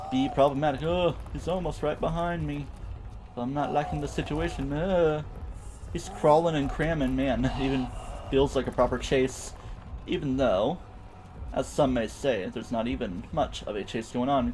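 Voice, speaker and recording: Young man, game stream commentary, playful, chatty, faint noise behind. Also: on the high side. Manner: playful, chatty, silly sound words. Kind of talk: gameplay commentary.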